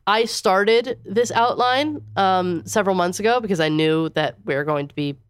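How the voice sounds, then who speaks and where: A woman's voice: medium pitch, moderate pace, clear, resonant tone, no echo, clean studio sound. A thirty-year-old woman co-hosting a podcast in casual chat, a bit congested from a cold, chatty with lots of fillers. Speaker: podcast co-host.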